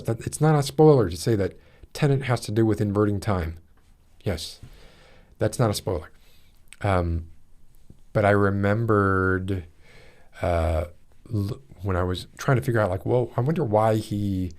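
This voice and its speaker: A man's voice: on the low side, a little mellow. A man hosting a podcast, chatting casually and rambling, with many restarts and fillers as he reads live chat comments aloud. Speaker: podcast host.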